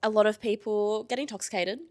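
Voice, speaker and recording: Chatty woman co-host, mid pitch. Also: steady tone, darkish tone. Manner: conversational, quick interjections. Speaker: podcast co-host, trip manager. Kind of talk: casual storytelling chat.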